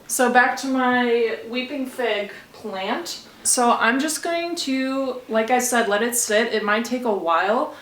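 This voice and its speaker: A woman's voice: mid-range voice, fairly bright tone, a little hiss or hum. A woman vlogger giving a casual how-to demonstration at home, chatty and conversational, with asides to the viewer. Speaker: plant care vlogger. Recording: roomy echo.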